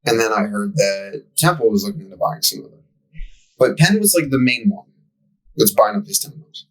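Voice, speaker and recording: A man's voice: on the low side, fairly quick, poor audio. A young man telling a profane, ranting story as a podcast co-host in casual chat. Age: young adult.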